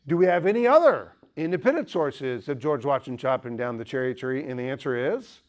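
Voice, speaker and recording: A man giving a lively apologetics lecture, joking and asking the audience questions. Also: mid-range voice, fairly quick. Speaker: speaker.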